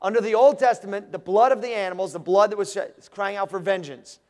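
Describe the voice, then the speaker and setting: Man, pastor preaching, high voice, animated, acts out quoted voices, long echo of a big church. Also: quick pace. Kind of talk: sermon. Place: church sanctuary. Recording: long reverb of a large room.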